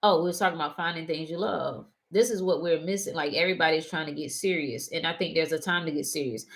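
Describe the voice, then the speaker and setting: A woman hosting a casual talk show, animated and prone to laughing and wandering into stories. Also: sits low, fast. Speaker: host. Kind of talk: casual chat.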